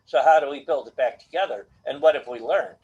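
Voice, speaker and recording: A man's voice: mid-range voice, fairly quick, husky, highs cut off. A middle-aged man as a guest astrologer on a video call, telling stories and acting out quoted voices in casual chat. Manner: animated storytelling, acts out quoted voices.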